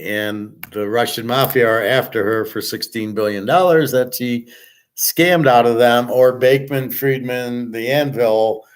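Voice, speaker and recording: A man hosting a livestream, ranting and reading chat comments in a profane, sarcastic, combative way. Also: medium pitch. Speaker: host.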